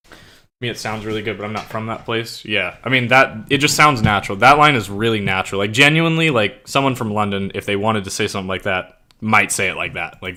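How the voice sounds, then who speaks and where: Pushed and bright, this young man's voice sits on the low side as he chats casually on a stream while writing. He's loose and foul-mouthed, throws around "like" and "bro," and enthusiastically breaks down slang terms.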